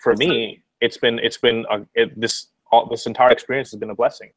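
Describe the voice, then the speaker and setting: A man's voice: mid-range voice, fairly even intonation, a little fast, no echo, rough recording. A man chatting casually as a guest on a video call, rambling and profane with frequent restarts. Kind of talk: casual chat.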